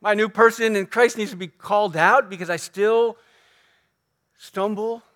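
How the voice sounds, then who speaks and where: High-voiced earnest male preacher. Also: steady tone, a bit bright. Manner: earnest preaching with emphatic repeated phrases and slow stressed quotes. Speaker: pastor. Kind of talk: sermon. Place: church sanctuary.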